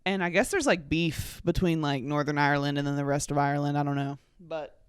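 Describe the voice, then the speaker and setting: A woman's voice: sits low, fairly quick, smooth, dry recording, studio quality. A young woman in her twenties from the United States, hosting a casual solo podcast in a rambling, sweary, sarcastic way full of fillers. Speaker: podcast host.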